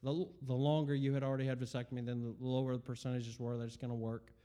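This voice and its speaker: A man's voice: mid-range voice, level tone, fast talker, warm tone. A man in his forties telling a personal faith testimony in an earnest, rambling way, with many fillers and restarts. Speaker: speaker giving a personal testimony.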